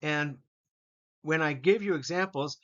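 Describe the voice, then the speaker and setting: A man teaching an English grammar lesson, reading example sentences slowly and deliberately so learners can repeat after him. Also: fairly high pitch, lo-fi sound.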